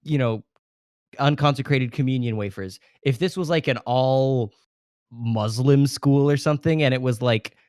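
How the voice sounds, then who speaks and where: A man's voice: medium pitch, normal speed, a little mellow, smooth, dry recording, studio quality. A man co-hosting a film podcast, talking casually and earnestly, making his point through restarts and asides. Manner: earnest, argumentative, full of restarts. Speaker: podcast co-host.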